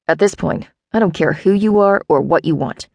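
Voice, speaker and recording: A woman voicing a gruff, impatient man with a deep growl who talks curtly and dismissively. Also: moderate pace, a little mellow, no echo. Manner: curt, dismissive.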